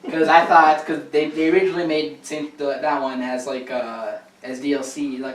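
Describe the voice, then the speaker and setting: A man's voice: a little high, little pitch movement, normal speed, a little hiss or hum. Blunt man on a far-off mic. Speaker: podcast co-host. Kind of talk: casual chat. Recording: echoey room, mic from a distance.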